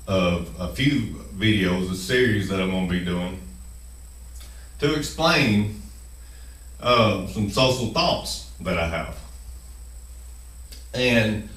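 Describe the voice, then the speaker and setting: A man's voice: on the low side, a bit bright, reverberant, recorded from a distance, low-quality recording. A man hosting his own video channel, speaking nervously while chewing gum, with many fillers and restarts. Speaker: channel host. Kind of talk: nervous first-video monologue.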